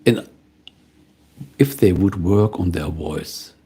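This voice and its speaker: A middle-aged man, a voiceover artist, talks through viewer comments in a calm, musing, casual live-stream chat. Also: low-pitched, takes it slowly, breathy edge. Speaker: voiceover artist hosting a livestream.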